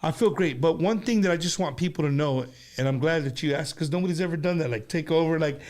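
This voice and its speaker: A man hosting a casual studio chat show, talking in animated, rambling bursts with many restarts. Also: fairly high pitch, fast talker. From United States. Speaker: show host.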